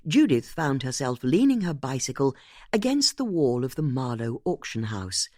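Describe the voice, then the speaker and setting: Expressive audiobook narrator, close and dry. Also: mid-range voice, moderate pace, dry recording.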